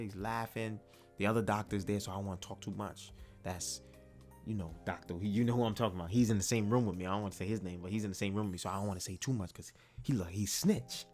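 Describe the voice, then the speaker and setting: A man hosting his own vlog, telling a personal story in a chatty, animated way and acting out the voices of the people in it. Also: fairly low pitch. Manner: animated, chatty, acts out quotes. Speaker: vlog host. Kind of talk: casual storytelling monologue.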